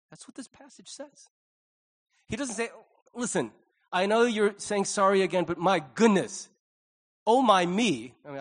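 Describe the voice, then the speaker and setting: Man, middle-aged pastor, high pitch, chatty sermon style, plays out quotes. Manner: conversational preaching with acted-out quotes.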